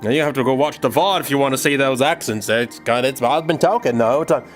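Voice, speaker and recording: A man's voice: mid-range voice, brisk, faint music behind. A man livestreaming while he works, chatting casually and thinking aloud to his viewers. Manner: rambling, thinks aloud, talks to chat.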